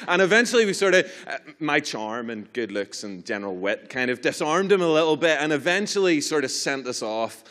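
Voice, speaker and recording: Animated Northern Irish preacher. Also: male voice, mid-range voice, a little fast, hardly any pauses. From Northern Ireland. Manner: animated, self-mocking storyteller. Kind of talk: storytelling sermon.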